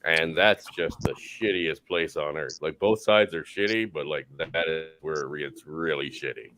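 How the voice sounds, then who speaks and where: A man's voice: extremely low pitch, normal speed, background noise. A Canadian man in casual crude banter, rambling and swearing freely as he tells stories. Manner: rambling, swears freely, laughs mid-sentence.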